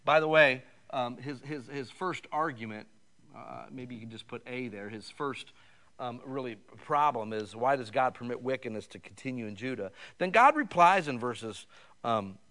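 A man's voice: medium pitch, lively intonation, moderate pace, pushed and bright. A middle-aged man preaching a sermon, conversational and rising at times to fervent, raised passages. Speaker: pastor.

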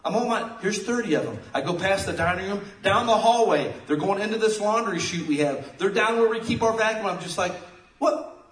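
A man preaching a sermon, telling jokey stories with sudden loud outbursts. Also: high-pitched, fairly quick, hardly any pauses. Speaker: pastor. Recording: echoey room, mic at a distance.

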